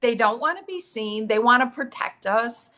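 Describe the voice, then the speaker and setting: With a fairly high, expressive voice that sounds pushed and bright at normal speed, a middle-aged woman tells stories earnestly as a guest on a casual talk show. A medium and massage therapist, she acts out the dialogue she quotes.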